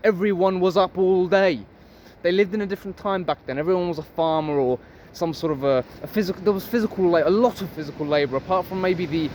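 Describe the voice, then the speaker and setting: A man from Harlow, Essex, England, with a high voice and darkish tone muses aloud in a casual philosophical vlog monologue, with a slight hiss or hum. He rambles and swears freely.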